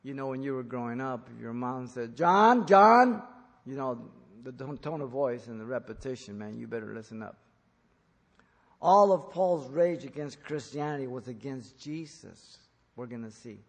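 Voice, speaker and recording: A man preaching an expository sermon in church, emphatic, rising to loud peaks when quoting. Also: medium pitch, normal speed, big-room sound. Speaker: pastor.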